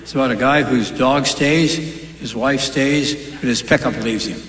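A man's voice: mid-range voice, moderate pace, fairly bright tone. A male stand-up comedian doing a set, firing punchy one-liners and chatting with the crowd. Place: large live venue. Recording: echoey live hall with crowd noise.

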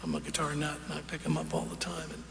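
A man with a gravelly, slightly high voice tells a folksy story from a concert stage. The sound is roomy, with a long echo from the hall and audience noise clearly heard behind him. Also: monotone. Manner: folksy, unhurried, with fillers and quoted dialogue. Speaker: singer telling a story on stage. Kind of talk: onstage storytelling.

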